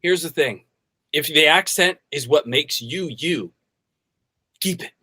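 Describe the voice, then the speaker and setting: A man voicing a calm, deliberate accent coach who speaks low and smooth. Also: no echo, studio quality. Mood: soothing.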